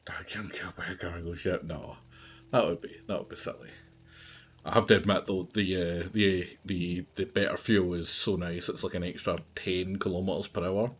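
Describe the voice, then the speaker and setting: A man's voice: low-pitched, fairly even intonation, moderate pace, slight background noise. A man chatting casually while streaming a factory game, musing with many fillers. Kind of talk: casual gaming chat.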